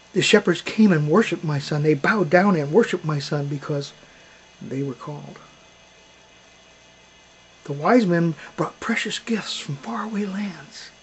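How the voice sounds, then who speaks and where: A man giving voice to a calm, gentle God in a storybook tale, speaking in a soft, slow, measured way. Faint ambience hums behind the words. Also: fairly high pitch, lo-fi sound, a little hiss or hum.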